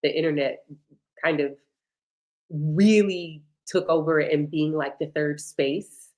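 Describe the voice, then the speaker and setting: Woman guest, lowish voice, emphatic and playful, just chatting. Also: fairly even intonation, slow pace, darkish tone. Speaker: guest astrologer. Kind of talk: casual chat.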